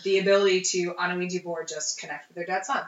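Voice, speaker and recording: A woman's voice: on the low side, fast talker. A woman co-hosting a podcast, telling history in casual chat with plenty of ums and uhs. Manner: lively, tells history with frequent ums and uhs. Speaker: podcast co-host. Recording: roomy, dull lo-fi sound.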